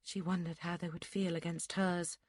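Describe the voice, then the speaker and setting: A woman narrating a historical romance audiobook in a steady, measured storytelling manner. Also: on the low side, husky, no echo, studio quality. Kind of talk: scripted narration.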